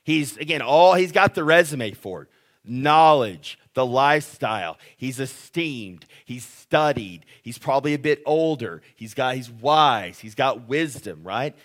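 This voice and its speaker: A man's voice: mid-range voice, lively intonation, a little slow. A man preaching a sermon in a conversational way, often restarting phrases and asking "right?". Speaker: pastor.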